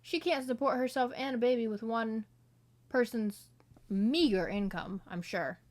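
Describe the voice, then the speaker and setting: A woman's voice: on the high side, measured pace, a little mellow. A woman casually talking through her notes on a film, rambling with lots of fillers and asides. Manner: slips into playful accents when quoting. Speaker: solo vlogger reviewing a film. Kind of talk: casual commentary read from notes.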